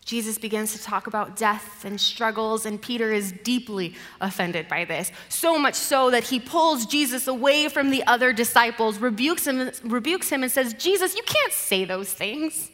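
A woman preacher giving a sermon, retelling a story dramatically, moving between vivid passages and hushed ones. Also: a little high, moderate pace, hardly any pauses, big-room sound.

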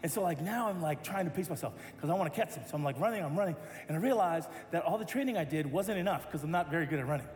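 High-voiced man preaching in an echoey hall. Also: very fast, hardly any pauses. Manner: animated, acts out voices in his story. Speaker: pastor. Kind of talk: sermon storytelling.

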